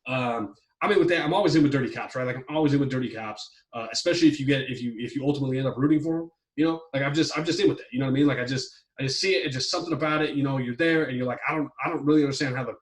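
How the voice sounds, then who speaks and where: A man's voice: medium pitch, rapid-fire, few pauses, recorded from a distance, rough recording. A man chatting casually on a podcast, rambling with lots of fillers like "you know" and "like". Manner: rambling, heavy on fillers, swears when worked up. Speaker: podcast co-host reviewing a movie plot. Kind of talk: casual chat.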